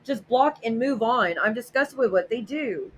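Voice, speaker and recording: A woman's voice: on the high side, expressive, normal speed, slight background noise, low-quality recording. A woman hosting a casual livestream, reading viewer messages aloud and reacting bluntly and sarcastically, with frequent swearing. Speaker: livestream host.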